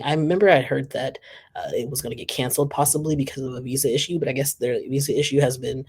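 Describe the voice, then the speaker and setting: A man hosting his own reaction channel talks in a relaxed, chatty way. He often breaks into giggles while he reads posts aloud. His voice sits at an average pitch and has a husky, breathy edge. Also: fairly quick. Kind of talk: casual reaction commentary.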